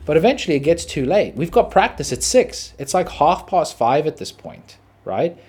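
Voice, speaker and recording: An Australian man hosting a podcast, telling a story in a casual, animated, profane way. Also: a little high, moderate pace, breathy edge. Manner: animated, profane, dramatic retelling. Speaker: podcast host.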